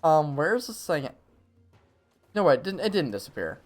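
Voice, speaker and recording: A man commentating his own live gameplay stream, talking to himself and the game with quick reactions. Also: a little high, very animated, soft background music.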